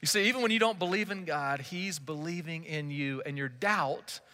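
A man's voice: on the high side, normal speed, bright, forceful tone, in a large hall. A man preaching a sermon as pastor, talking in a conversational, emphatic way and asking rhetorical questions.

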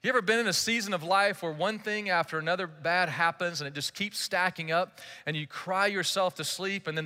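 A man's voice: sits high, pushed and bright. A male pastor delivering a sermon, telling the story with playful acted-out dialogue. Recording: large hall with long reverb.

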